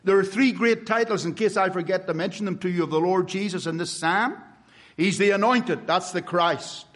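A man preaching a sermon to a congregation, stressing words slowly and asking rhetorical questions. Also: high-pitched, fairly bright tone. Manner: emphatic, with slow drawn-out stresses and rhetorical questions.

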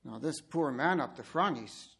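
A man's voice: fairly high pitch, normal speed, gravelly, husky. A man preaching a sermon, telling stories and speaking directly to his listeners. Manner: animated storytelling, addresses listeners directly.

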